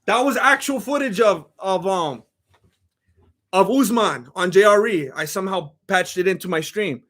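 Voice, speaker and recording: Laid-back man with a high voice. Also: moderate pace, a bit bright. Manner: rambling, self-deprecating, laid-back. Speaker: streamer. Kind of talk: casual live-stream chat.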